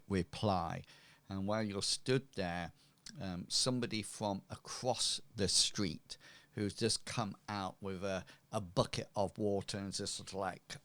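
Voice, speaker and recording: Slow, hesitant game master man. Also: low voice, clear, resonant tone, no echo. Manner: hesitant, many ums, slow. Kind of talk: narrating a tabletop game.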